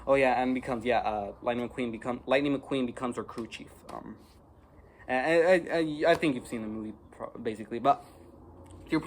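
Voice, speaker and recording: A teenage amateur reviewer rants casually to camera, his voice sitting at a middle pitch. He rambles, restarts his sentences and piles on fillers, then bursts into louder frustrated runs. Faint noise sits behind him. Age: teens. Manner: rambling, full of fillers and restarts, swinging into loud frustrated outbursts.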